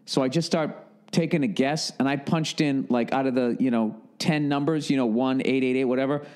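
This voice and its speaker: A middle-aged man hosting a podcast, telling a comedic story in an animated, profane rant. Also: medium pitch, brisk, smooth. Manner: animated and profane, working himself up. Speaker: podcast host.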